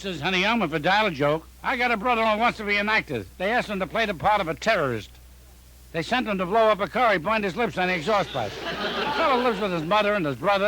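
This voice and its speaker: High voiced comedian guy firing off deadpan one-liners, hissy old recording with clicks. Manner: rapid-fire deadpan joke telling. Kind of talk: telephone joke line one-liners. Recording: noisy archival recording with clicks.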